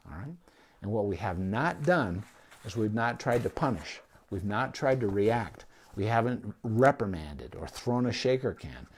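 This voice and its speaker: A middle-aged male veterinarian gives relaxed, practical advice on training a dog. His delivery is folksy and conversational, and he keeps checking in with listeners with a quick "okay?". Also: lowish voice, breathy edge. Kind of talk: casual instructional talk to camera.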